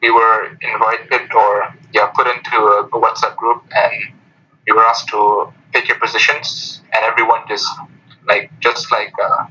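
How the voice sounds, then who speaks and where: Young man, guest interview, hesitant with fillers, forceful bright tone. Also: fairly low pitch, level tone, unhurried. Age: young adult. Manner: hesitant, many "you know" fillers and restarts. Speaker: guest, former student council member. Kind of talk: casual interview chat. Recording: dull lo-fi recording.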